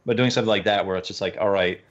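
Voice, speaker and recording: A man's voice: lowish voice, rapid-fire, a bit bright, muffled recording. A man co-hosting a casual podcast chat, loose and profane and full of "like".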